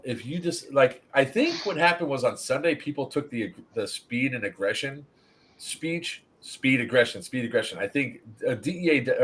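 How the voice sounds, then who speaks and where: A man hosting a casual review stream, telling stories with lots of swearing. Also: medium pitch. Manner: animated, swears freely, storytelling.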